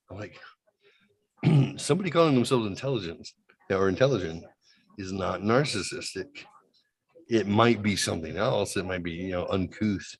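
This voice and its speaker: A man's voice: lowish voice, expressive, normal speed, long pauses, breathy edge. A man co-hosting a casual comedy chat show, telling a rambling story, acting out what people said and laughing often. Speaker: co-host.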